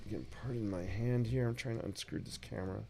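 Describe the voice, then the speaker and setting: Casual male artist-streamer, low gravelly voice, chatty, faint 3D printer noise in the studio. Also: fairly quick, a little mellow. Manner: chatty, upbeat, talks to viewers while drawing. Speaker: artist live-streaming a sketch session. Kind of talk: casual live-stream chat. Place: home art studio with a 3D printer running. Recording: faint machine noise behind.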